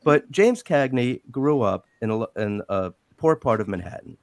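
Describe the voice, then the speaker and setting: Man, middle-aged, rambling storyteller, acts out quotes, mid pitch, dry close sound. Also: moderate pace, no echo. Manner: rambling, animated retelling with acted quotes. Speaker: guest on a live panel. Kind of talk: casual storytelling on a group call.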